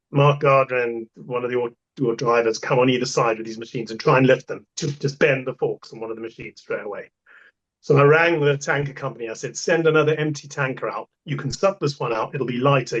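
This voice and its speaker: A man, a podcast guest telling an animated story and acting out the voices of the people in it. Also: mid-range voice, highs cut off. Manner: animated anecdote, acts out quoted voices. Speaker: guest, festival toilet contractor. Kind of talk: casual storytelling.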